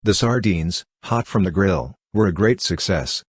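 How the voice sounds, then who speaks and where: Male audiobook narrator, steady and even, low husky voice, dry recording. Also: measured pace, no echo. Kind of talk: scripted narration.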